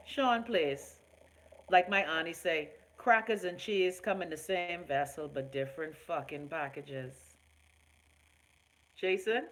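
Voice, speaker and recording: A woman's voice: lowish voice, fairly bright tone, rough recording. A woman from the Bahamas with a Bahamian accent, hosting a live online talk show in an outspoken, profane, casual style while reacting to viewer comments. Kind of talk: casual live-stream rant.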